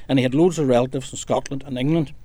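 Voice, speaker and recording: A man's voice: mid-range voice, steady tone, fast talker, mellow, no echo. Man, dry close recording, talky and discursive, many uh's, panel discussion. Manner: discursive, storytelling with fillers. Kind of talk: casual discussion.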